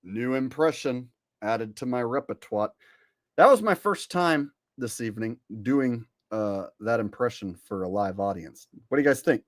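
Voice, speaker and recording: A man's voice: mid-range voice, animated, moderate pace, no echo, studio quality. A man hosting a live stream, joking and boasting as he reads out viewer chat. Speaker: streamer host.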